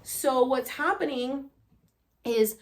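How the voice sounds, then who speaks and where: High-voiced woman telling a wild story. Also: slow. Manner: animated, swears freely, acts out her own cries and gasps. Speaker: vlogger. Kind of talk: casual storytelling to camera.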